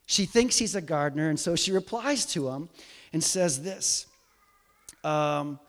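Animated man preaching in a reverberant hall. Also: fairly high pitch, measured pace. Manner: conversational, animated storytelling. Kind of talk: sermon.

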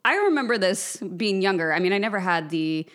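A woman's voice: medium pitch, a little fast. Playful giggly American woman host. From United States. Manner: playful, giggly, animated storytelling. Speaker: podcast co-host. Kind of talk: casual chat.

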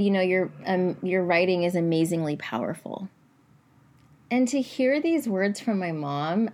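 A woman hosting her own podcast, talking in an earnest, reflective way with soft pauses. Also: medium pitch. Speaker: podcast host. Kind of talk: casual solo podcast talk; scripted podcast intro.

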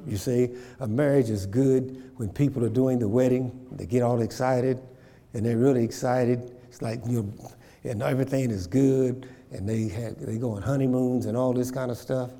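A man's voice: medium pitch, steady tone, moderate pace, warm tone, in a large hall. A man preaching a sermon, repeating phrases and checking in with his congregation. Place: church.

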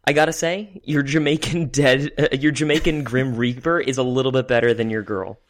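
A man's voice: mid-range voice, fairly even intonation, a little fast. A man co-hosting a cartoon podcast, teasing his partner in casual chat with frequent restarts. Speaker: podcast co-host.

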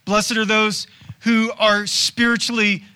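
A male pastor preaching a sermon in a conversational way, asking rhetorical questions and tossing in quick asides. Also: high voice, flat delivery, sharp tone, clear, resonant tone.

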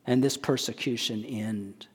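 A man's voice: medium pitch, steady tone, unhurried, husky. Man preaching in a reverberant hall. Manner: emphatic, asks the congregation rhetorical questions. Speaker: pastor. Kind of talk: sermon. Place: church sanctuary. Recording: long church hall reverb.

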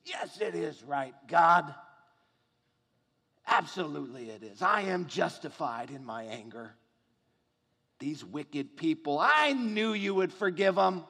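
A man's voice: high voice, sing-song, slow, fairly bright tone, heavily acted. A male preacher voicing the sulking prophet Jonah, indignant and stubborn, in a reverberant hall.

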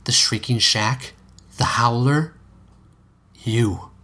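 A man voicing a tired, bitter young man who speaks curtly and slowly, with tension in his voice. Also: mid-range voice, pushed and bright. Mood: tense. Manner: curt, slow, tense.

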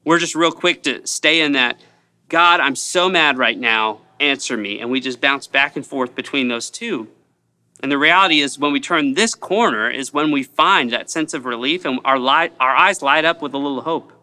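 A male pastor delivers a sermon in a somewhat high, bright and forceful voice. He speaks earnestly, stacking repeated phrases to drive each point home. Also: moderate pace, clean tone.

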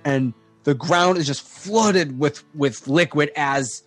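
A man narrating as game master of a tabletop game, describing scenes in a halting way with many fillers. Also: on the high side, no echo, soft background music.

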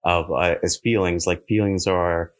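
A man with a Californian accent telling stories in a casual chat, animated and laughing often. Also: deep voice, a little slow.

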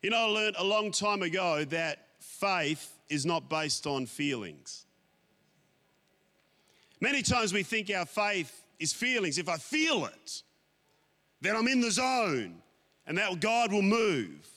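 A man's voice: sits high, sing-song, pushed and bright. A man preaching a sermon, stretching out key phrases and calling on the congregation. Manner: emphatic, drawn-out phrases, calls to the congregation. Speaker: pastor. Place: church sanctuary.

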